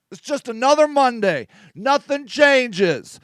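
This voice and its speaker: A man's voice: very high voice, lively intonation, moderate pace, clear, resonant tone, dry recording, clean studio sound. A man angrily commenting over a video in an emphatic, profane way.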